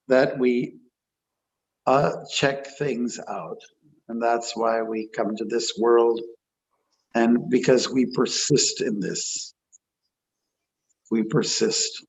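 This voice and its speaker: A man, a monk giving a scripture class, talking in an animated, playful way and acting out quotes. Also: mid-range voice, highs cut off, slight background noise. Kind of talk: lecture with storytelling.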